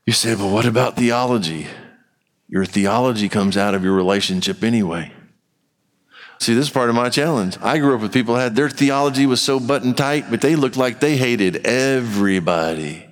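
A man's voice: medium pitch, moderate pace. A man preaching a sermon in a church, talking candidly and conversationally. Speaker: pastor. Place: church sanctuary. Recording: long hall reverb.

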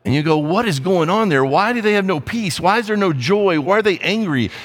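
A man's voice: high voice, animated, brisk. A male pastor preaching a sermon in a blunt, conversational way, with playful asides. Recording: long hall reverb.

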